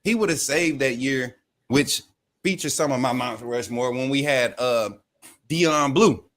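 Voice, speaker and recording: A man's voice: mid-range voice, unhurried, a bit bright. A man, a coach, co-hosting a sports talk show, rambling loosely with many fillers. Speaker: podcast co-host, coach.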